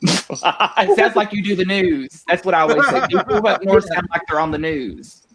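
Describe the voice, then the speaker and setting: A man's voice: high voice, moderate pace, over a noisy crowd. A man with a Southern Appalachian accent telling stories in casual chat, often laughing and mimicking locals. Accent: Southern US, East Tennessee.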